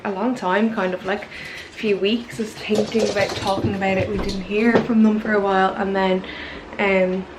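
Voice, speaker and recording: A woman's voice: medium pitch, level tone, moderate pace, hardly any pauses, reverberant, recorded from a distance. A young Irish woman vlogging in a casual, rambling way, with lots of "like" and "literally". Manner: chatty, rambling, fills talk with "like" and "literally". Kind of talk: casual chat to camera. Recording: noisy background ambience.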